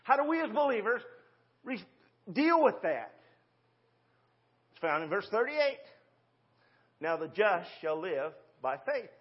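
A man's voice: sits high, big pitch swings, measured pace, pauses often, dull audio. A man in his sixties preaching a sermon in a church, in a folksy, conversational way full of rhetorical questions. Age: 60s. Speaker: pastor. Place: church sanctuary.

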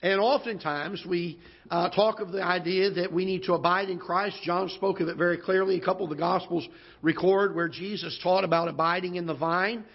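A man preaching a sermon as pastor, unhurried and folksy with many fillers, slowing down to read scripture. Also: high voice, fairly even intonation. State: occasional cough. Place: church auditorium. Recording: dull lo-fi church broadcast audio.

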